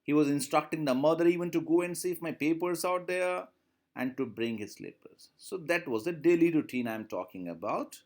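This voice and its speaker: A man's voice: a little high, normal speed, a little mellow. A man teaching in Indian English, explaining a short story to students, repeating lines and asking questions. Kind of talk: classroom lesson explaining a story.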